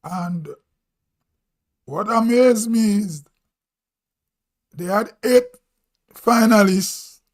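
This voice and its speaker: A man with a Grenadian accent talks in a high voice on his live stream. He speaks slowly and muses aloud, checking himself as he goes. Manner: slow, musing, thinking aloud. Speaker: vlog host. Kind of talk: casual live-stream talk.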